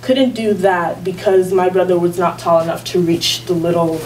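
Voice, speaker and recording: A woman's voice: fairly low pitch, steady tone, normal speed, a little mellow, slight background noise. A teenage girl telling a personal story at a school event, talking casually with lots of fillers and laughter. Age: teens. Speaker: student storyteller. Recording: distant mic with faint room ambience.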